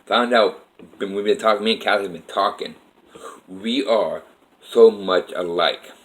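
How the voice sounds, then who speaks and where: A man's voice: fairly low pitch, unhurried, a bit bright, low-quality recording. A man vlogging about his life in a meandering, earnest monologue with frequent swearing. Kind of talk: rambling personal monologue.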